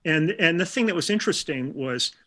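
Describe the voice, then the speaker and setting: A man's voice: a little high, expressive, brisk, pushed and bright. An older man from Milwaukee, a session musician being interviewed, telling chatty stories with restarts and quoted dialogue. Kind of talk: casual storytelling interview.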